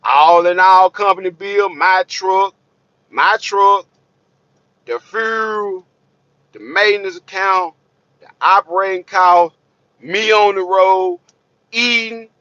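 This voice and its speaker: A man's voice: high-pitched, takes it slowly, bright, forceful tone, no room sound. A man, a trucker vlogger ranting to camera in a blunt, profane, streetwise way, preaching and repeating himself. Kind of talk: blunt unscripted rant to camera. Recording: dull lo-fi recording.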